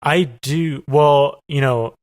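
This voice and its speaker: A man guest in a casual interview, talking softly with many fillers and pauses. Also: a little high, dry recording. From lives in Los Angeles. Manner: soft-spoken, lots of fillers and hesitations. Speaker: podcast guest.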